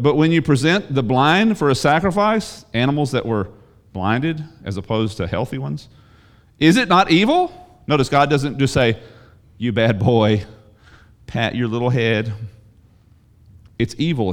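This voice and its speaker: Male pastor mid-sermon, mid-pitched voice, emphatic, restarts and repeats words, sudden loud stresses after quiet asides. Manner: repeats words and restarts when pressing a point.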